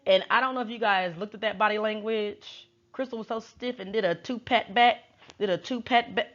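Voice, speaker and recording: A woman's voice: medium pitch, fairly even intonation, brisk, fairly bright tone. A woman tarot reader recapping in a chatty, slangy and wry casual way. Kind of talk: casual chat. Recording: dull lo-fi recording.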